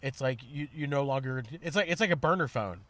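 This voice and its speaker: A man's voice: mid-range voice, animated, fairly quick, a bit bright, no room sound. A man co-hosting a podcast, talking in a loose, casual way, swearing and trailing off with fillers. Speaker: podcast co-host. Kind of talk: casual chat.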